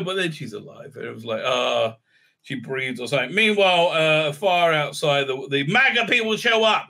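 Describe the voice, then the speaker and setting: A man's voice: mid-range voice, lively intonation, normal speed, bright, forceful tone. A man hosting a casual episode recap and review, talking in a sarcastic, mocking way and dropping into silly put-on voices. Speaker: show host reviewing a TV episode.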